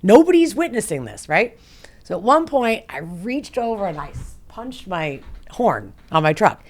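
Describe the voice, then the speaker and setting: Speaking a little slowly at a medium pitch, a podcast guest recounts her story in relaxed chat. She's lively and foul-mouthed, breaking into frequent laughter and impersonating what others told her.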